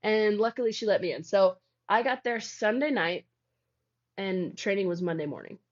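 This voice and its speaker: A young woman shares her story as a guest in a relaxed interview, rambling along and leaning on "like" as she goes. Her voice sits at a medium pitch for a woman. The recording sounds somewhat dull and lo-fi. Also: normal speed. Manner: rambling, heavy use of "like". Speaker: guest, founder of a healing practice. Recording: dull lo-fi audio.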